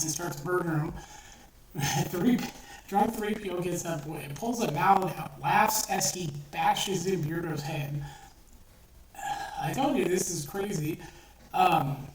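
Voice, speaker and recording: A speaker casually retelling a short story they wrote, rambling and profane, with many fillers and restarts. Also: medium pitch. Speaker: online storyteller. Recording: roomy, distant mic with faint noise.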